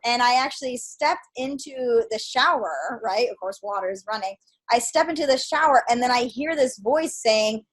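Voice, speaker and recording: Animated woman guest, higher voice. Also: moderate pace. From Idaho, US. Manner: animated storyteller, acts out quoted dialogue, many fillers. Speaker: podcast guest. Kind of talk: casual storytelling interview.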